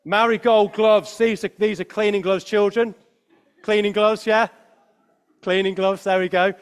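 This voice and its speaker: Man, high voice, lively children's talk at church, quizzing the kids. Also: unhurried, clean tone. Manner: lively, addresses children with questions. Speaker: preacher at a family Christmas service.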